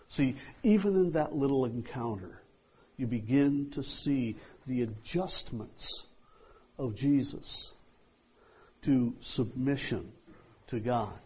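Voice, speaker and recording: A man preaching at an unhurried, drawn-out pace, his voice mellow and a little husky. He acts out quoted dialogue and often lets his sentences fade away quietly. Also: medium pitch, poor audio. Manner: slow, deliberate preaching, acting out quoted dialogue, trailing off softly. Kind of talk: sermon.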